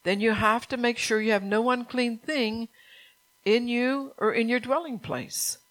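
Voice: mid-range voice, steady tone, unhurried, a bit bright. Pastor, sermon, stern, urgent, repetitive phrasing, rhetorical questions.

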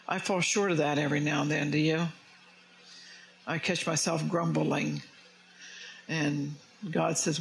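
A male pastor with a slightly raised pitch delivers a relaxed, talkative sermon. He jokes and asks the congregation questions, with faint ambient noise behind him. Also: slow pace, creaky, pauses often, poor audio. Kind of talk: conversational sermon. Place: church before a congregation.

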